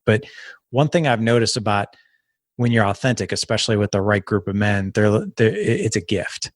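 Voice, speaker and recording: A man with a low voice talks through a personal story on a podcast and keeps the tone casual. He acts out the quotes, and his pitch leaps up for them. The sound is dry and close, with no room behind it. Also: moderate pace, dry recording. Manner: animated, acts out quotes with sharp pitch jumps. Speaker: podcast guest, founder of a fathers' community.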